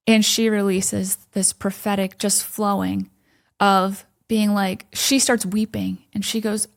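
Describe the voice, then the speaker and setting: A woman recounting her experience at church, animated, full of "like" fillers, dropping to a whisper when quoting her own thoughts. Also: medium pitch, unhurried, gravelly. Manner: frequent "like" fillers, laughs often. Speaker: podcast guest. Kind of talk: personal testimony in conversation.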